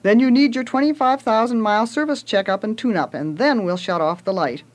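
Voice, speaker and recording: A woman's voice: fairly high pitch, a little fast, voice pushed up, close to an everyday voice. A woman voicing a big, burly male garage worker who talks bluntly and growls his lines. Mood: gruff.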